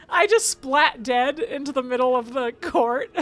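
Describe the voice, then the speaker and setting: A woman's voice: sits high, a little slow, fairly bright tone, faint music behind. A woman streaming a video game, chatting to herself and chat as she plays and laughing often. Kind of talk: casual let's-play commentary.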